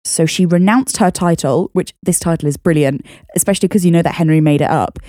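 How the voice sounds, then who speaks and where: A woman's voice: on the low side, a little fast, mellow, no echo, clean studio sound. A British woman telling a history story as a podcast co-host, chatty, with laughing asides. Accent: British English. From Britain.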